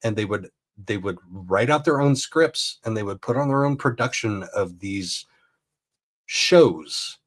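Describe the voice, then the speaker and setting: A chatty host reacts to a video in casual commentary, rambling and sounding incredulous. His voice is on the low side, animated, and unhurried.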